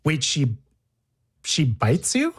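Very deep-voiced woman interviewer. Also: wildly swooping pitch, takes it slowly, breathy edge. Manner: probing, asks pointed follow-up questions. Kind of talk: conversational interview.

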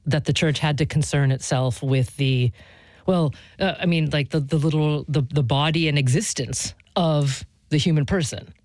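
A woman's voice: sits low, normal speed, darkish tone, no echo. A woman hosting a radio talk show, asking questions in a conversational way with fillers and self-corrections.

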